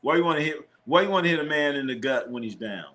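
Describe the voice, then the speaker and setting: A sports streamer hosts a live basketball watch party, casually calling plays, reading chat questions, joking with viewers, and often repeating himself. His voice is a little high, expressive, fast, and fairly bright.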